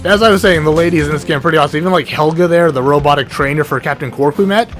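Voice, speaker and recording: A man giving rambling, excitable gameplay commentary as the host of a let's play, often cutting himself off mid-thought and swearing casually. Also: fairly high pitch, racing. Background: game music and sound effects.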